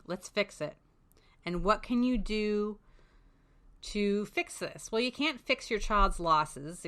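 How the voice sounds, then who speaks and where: A chatty, candid woman in middle age talks through advice in a relaxed, unscripted way, her voice sitting fairly low. She speaks plainly, with plenty of "um"s and blunt asides. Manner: frank and chatty, with swearing and many "um"s. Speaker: special education advocate, podcast host. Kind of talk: casual advice talk.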